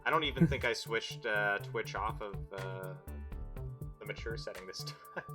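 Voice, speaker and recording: A man's voice: fairly low pitch, normal speed, over music. A man from Quebec with a Canadian accent, narrating a tabletop game as game master in a rambling, casual way. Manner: rambling, filler-heavy recap.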